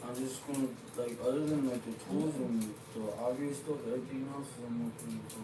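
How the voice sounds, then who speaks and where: A man's voice: mid-range voice, fairly even intonation, fairly quick. A young man, the host's son, in casual, laid-back family chat. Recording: roomy, distant, noisy live stream.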